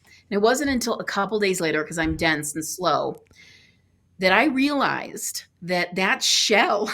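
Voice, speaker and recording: A woman guest on a podcast, telling a personal travel story in an earnest, animated way, acting out what people said. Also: mid-range voice.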